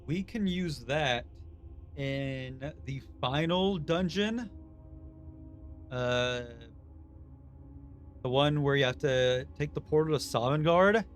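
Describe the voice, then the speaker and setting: Slow-talking man streaming a game. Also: a little high, soft background music. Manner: relaxed, muttering and thinking aloud while playing. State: throat getting sore. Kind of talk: casual live game commentary.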